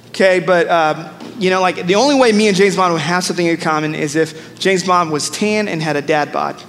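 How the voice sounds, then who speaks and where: A male pastor in his thirties delivers an energetic, humorous sermon, calling out to the congregation to repeat after him. His voice sits high for a man. It rings with long reverb through a large church, with faint noise underneath. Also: moderate pace. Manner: energetic, humorous, leads congregation call-and-response.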